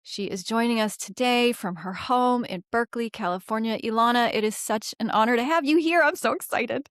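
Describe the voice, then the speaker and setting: A woman's voice: fairly high pitch, a little fast, a bit bright, dry recording, clean studio sound. A woman hosting a podcast interview, effusive and openly emotional as she introduces and talks with her guest. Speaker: podcast host.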